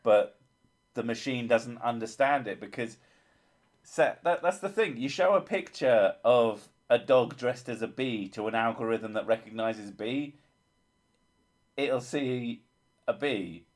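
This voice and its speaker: Man, slow unhurried delivery, sweary dry teasing, casual live chat host. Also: medium pitch, animated. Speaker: streamer host reading chat.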